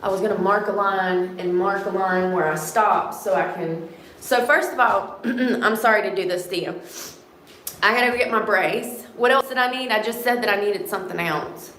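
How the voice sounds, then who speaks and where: This casual livestream catches a female vlogger tidying an indoor room for a paint job, speaking at a moderate pace in a medium, fairly bright tone. She's sniffly and slightly out of breath, rambling to viewers and herself and swearing now and then. The recording has roomy echo and faint background noise.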